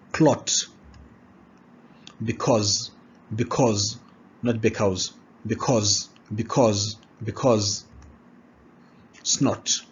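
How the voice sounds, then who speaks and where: Slow, husky man drilling vowel sounds. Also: on the low side, muffled recording. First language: not English. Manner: slow, repeats each word several times with checks like "all right?". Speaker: pronunciation teacher. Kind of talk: pronunciation lesson, drilling words aloud.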